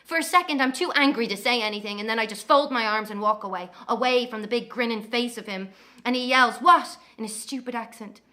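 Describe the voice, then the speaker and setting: A woman's voice: a little high, bright, forceful tone. An actress with an Irish accent playing a young woman haunted by her missing twin, telling her story as a dramatic monologue in an audio drama. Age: young adult. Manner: breathless storytelling, quick to anger.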